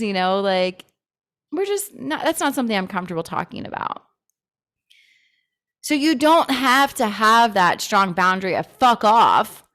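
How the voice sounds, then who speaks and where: Candid, higher-voiced woman host. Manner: candid, swears freely, laughs often. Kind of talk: casual talk on personal growth.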